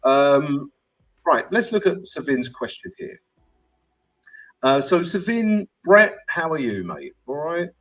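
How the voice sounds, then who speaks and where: Live-stream host, man, husky voice with lots of pitch movement, casual teacher who greets chat by name. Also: sing-song, slow pace, fairly bright tone. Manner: chatty, keeps asking "right?" and greeting viewers by name. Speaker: trading educator hosting a live stream.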